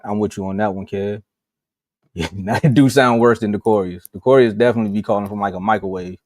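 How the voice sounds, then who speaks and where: A man co-hosting a sports talk show in casual, animated, slangy chat over a video call. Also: on the low side, fast, no echo, clean studio sound. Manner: animated, slangy, acts out quotes.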